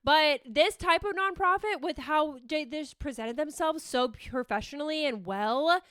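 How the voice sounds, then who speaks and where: A woman's voice: high voice, a little slow, a bit bright, no room sound. A young woman hosting her own podcast, chatting casually and bubbly, swearing freely and rambling through restarts on a close microphone. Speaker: podcast host. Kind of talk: casual solo podcast chat. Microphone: close podcast mic.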